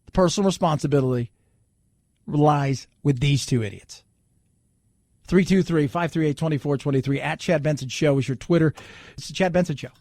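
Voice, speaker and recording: A middle-aged man hosts a talk radio show, talking bluntly and cracking jokes as he goes. His voice sits high for a man. The studio sound is close and dry. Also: a little fast, pauses often, a little mellow, dry recording. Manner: blunt and jokey, slips into mocking voices.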